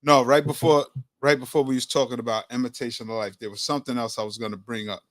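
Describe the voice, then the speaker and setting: A man's voice: medium pitch, fairly even intonation, fast talker, no room sound, studio quality. A man hosting a casual political talk show, affirming his co-hosts and speaking. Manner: affirming, calls others sis and brother.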